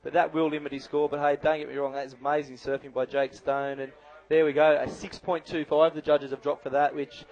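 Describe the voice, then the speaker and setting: A man's voice: on the high side, flat delivery, a little fast, darkish tone, muffled recording. A man giving live color commentary on a bodyboarding contest, chatty and analytical with lots of "you know".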